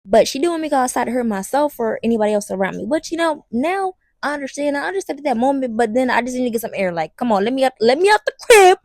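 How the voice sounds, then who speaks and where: A young woman telling a personal story to the camera in an animated, slangy way, talking straight to the viewer. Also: on the high side, fast talker, few pauses, no room sound, studio quality. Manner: slangy and blunt, with some swearing. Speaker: vlogger. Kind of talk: casual storytime.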